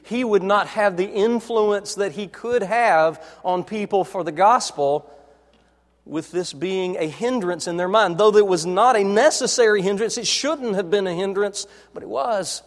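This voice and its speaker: A man preaching a sermon in a dramatic way, dropping to soft, low tones as he retells scenes. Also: unhurried, big-room sound. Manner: dramatic, acts out quoted dialogue, drops to soft low tones.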